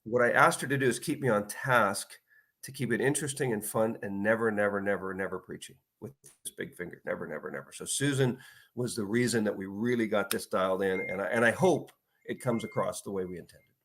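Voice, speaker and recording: A man in his fifties, an author guest in a casual interview, telling stories and acting out quotes in lively bursts. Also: lowish voice, a little fast. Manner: animated storyteller, acts out quotes.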